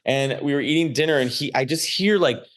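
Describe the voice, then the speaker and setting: A man in his thirties from Chicago, a comedian guest telling lively stories with casual swearing. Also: fairly high pitch, brisk. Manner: animated storyteller, swears casually. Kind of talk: casual podcast chat.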